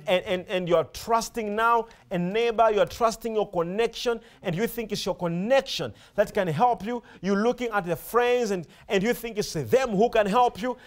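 A male preacher delivering a sermon, emphatic and repetitive, often stopping to ask his congregation questions. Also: high-pitched. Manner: emphatic, repeats words and phrases, animated rise and fall.

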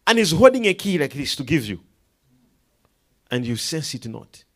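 A man preaching a sermon, swinging between hushed asides and loud emphatic declarations, acting out the people in his stories. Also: on the high side, very animated, moderate pace. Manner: quotes and acts out characters in the story, laughing.

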